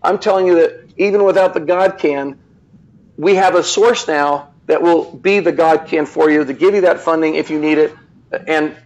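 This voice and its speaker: Gravelly earnest man telling a story. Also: fairly high pitch, moderate pace, muffled recording. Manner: earnest, animated storyteller with many restarts. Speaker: guest. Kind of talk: casual storytelling on a live show.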